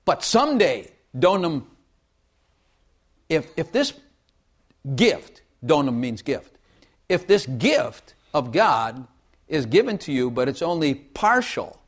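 Male preacher, light-pitched, folksy sermon delivery, calls for amens. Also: big pitch swings, slow pace, pauses often. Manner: folksy, repeats phrases, asks the congregation for amens.

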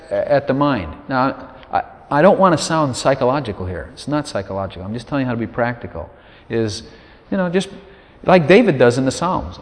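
A man preaching an informal sermon in a conversational, folksy way, often dropping asides to his listeners. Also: medium pitch. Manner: conversational, folksy, many "you know" asides; acts out quoted prayers in a raised voice. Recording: long hall reverb.

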